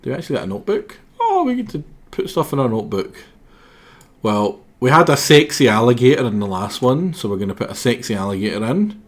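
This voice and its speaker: A man's voice: medium pitch, very animated, fast talker. A man streaming a game, with a sore throat, rambling and self-mocking as he stumbles over his words. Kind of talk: casual game commentary.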